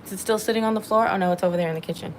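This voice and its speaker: A woman's voice: medium pitch, very fast, heavy background noise. A woman hosting a casual livestream from home, reading out viewer comments and laughing often as she chats. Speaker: livestream host.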